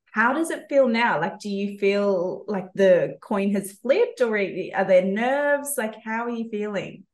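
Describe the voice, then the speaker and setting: A woman's voice: mid-range voice, lively intonation, a little slow, few pauses. A woman with an Australian accent hosting a podcast, encouraging and affirming her guests. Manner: warm, encouraging, affirms often. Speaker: podcast host. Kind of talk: casual interview chat.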